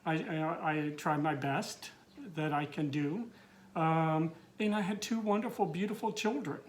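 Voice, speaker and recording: Slow, halting, teary middle-aged man. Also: fairly high pitch, a little hiss or hum. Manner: halting, with many fillers and restarts. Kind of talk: personal coming-out story.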